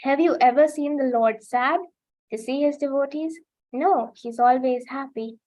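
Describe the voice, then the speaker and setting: A woman with a high voice teaches a children's class over a video call. She tells a story and often asks the kids if they follow along. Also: measured pace, a little mellow, rough recording. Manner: keeps asking "right?" to engage the children.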